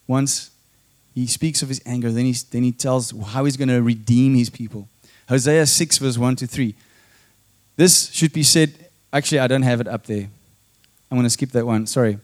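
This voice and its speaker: A middle-aged man, preaching a sermon. He reads scripture slowly and with emphasis, in an earnest manner. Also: mid-range voice, darkish tone.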